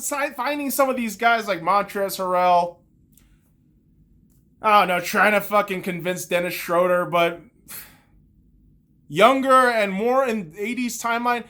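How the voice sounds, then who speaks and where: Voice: mid-range voice, measured pace, long pauses, sharp tone. A podcast host alone in a room, ranting about basketball with constant swearing and heated bursts. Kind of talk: solo sports rant.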